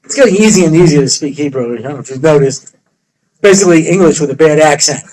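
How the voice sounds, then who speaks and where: A rabbi lectures to students in a fairly high voice. He tells the story with animated humor, slipping into the characters' voices as he goes. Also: fast talker, rough recording. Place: study hall.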